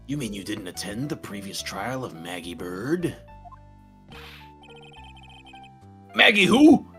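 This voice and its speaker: A man voicing a gruff, hot-headed gangster thug in a fan game dub, raspy and yelling in tough-guy slang. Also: lowish voice, big pitch swings, measured pace, music in the background. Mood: dismissive. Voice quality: raspy, hoarse.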